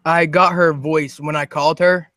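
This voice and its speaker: A young man, a guest prankster, telling his stories in a rambling, excitable way with lots of fillers. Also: a little high, normal speed, dry recording, clean studio sound. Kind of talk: casual chat.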